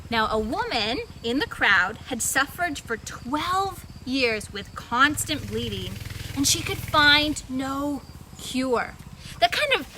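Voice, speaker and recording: A woman guest storyteller narrating a Bible story for children. She is animated and chatty, often wondering aloud as she goes. Her voice is very high and bright. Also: slow, slight background noise, low-quality recording.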